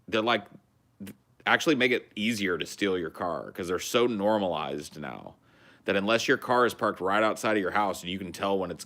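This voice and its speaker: A man hosting a casual livestream chat, loose and profane, bursting into loud silly sound effects, talking from a phone while sitting outdoors at home. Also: sits low. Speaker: podcast host. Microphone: phone stream.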